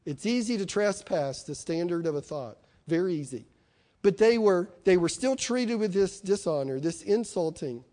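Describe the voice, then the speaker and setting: A middle-aged male preacher delivers a sermon in a conversational, emphatic style. He often turns to the congregation with questions. His voice is fairly high and mellow. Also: expressive, moderate pace.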